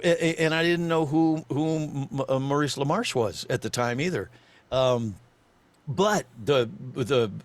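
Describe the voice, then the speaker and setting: An older man, a voice actor guest on a podcast, telling an animated story with lots of restarts and fillers. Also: mid-range voice, no echo.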